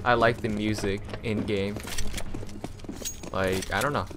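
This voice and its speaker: A man's voice: fairly low pitch, fairly even intonation, measured pace, noisy background. A male streamer chatting loosely and swearing casually while playing a shooter. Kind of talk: casual gaming chat. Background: in-game music.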